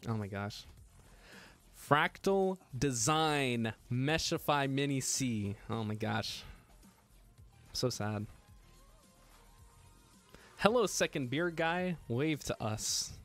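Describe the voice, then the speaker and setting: A man's voice: mid-range voice, lively intonation, slow pace, pauses often, fairly bright tone, soft background music. A man hosting a casual live stream, joking and laughing as he gets flustered over his own slip. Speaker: livestream host building a PC.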